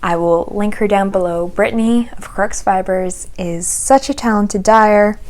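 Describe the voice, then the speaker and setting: A young adult woman hosting a podcast, chatting casually about her knitting projects and sometimes slipping into a soft whisper. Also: medium pitch, measured pace. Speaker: podcast host.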